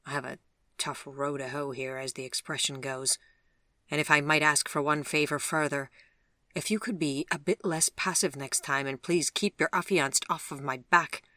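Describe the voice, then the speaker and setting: A lonely, regretful man speaks gently and earnestly, as the audiobook narrator voices him. The tone is bright and forward. The recording is dry and close. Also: on the high side, fairly even intonation, moderate pace, no echo. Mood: gentle, earnest. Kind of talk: audiobook dialogue.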